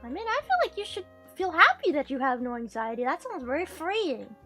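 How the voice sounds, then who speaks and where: A woman's voice: high voice, very animated, a little fast, pushed and bright, faint music behind. A woman streaming a game, chatting casually, swearing freely and laughing often. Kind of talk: casual gaming stream chat.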